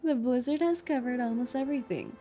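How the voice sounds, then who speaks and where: A woman's voice: high-pitched, fairly quick, warm tone, faint music behind. A woman streaming a game playthrough. She chats playfully with her viewers, giggles often, and reads the story text aloud.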